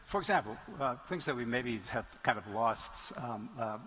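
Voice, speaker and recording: A man's voice: medium pitch, expressive, normal speed, pushed and bright, husky, rough recording. A middle-aged man, an author on stage at a conference, telling a long anecdote and answering audience questions, wandering into digressions and restarting phrases. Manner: rambling storyteller, frequent restarts and digressions. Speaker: author speaking at a writers' conference. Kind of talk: anecdotal Q&A talk. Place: stage in a large venue.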